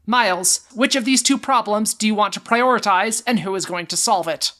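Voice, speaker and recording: A woman runs a story game as its narrator, setting each scene in a measured, deliberate way. Her voice is bright and clear, and she sits in the middle pitch range for a woman. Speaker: game master.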